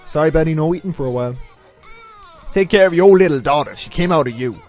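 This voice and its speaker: A man with a congested, nasal voice pitched a little high talks his way through a life-sim game, rambling and poking fun at himself. His volume swings between loud remarks and mumbled asides. Faint game music plays underneath. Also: fast talker. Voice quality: stuffy, nasal from a cold. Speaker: let's play host. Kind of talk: casual gameplay commentary.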